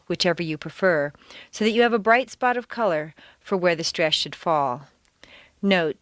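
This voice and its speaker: Lively-voiced woman coaching pronunciation. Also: medium pitch, dry recording, clean studio sound. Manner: clear, deliberate teaching delivery with exaggerated stress. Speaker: accent coach. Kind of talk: scripted audio lesson.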